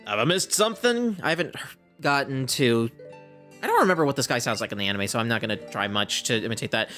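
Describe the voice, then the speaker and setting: A man's voice: medium pitch, lively intonation, quick pace, sharp tone, soft background music. A man giving casual gameplay commentary, chatty and self-deprecating, with laughing asides. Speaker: let's play host.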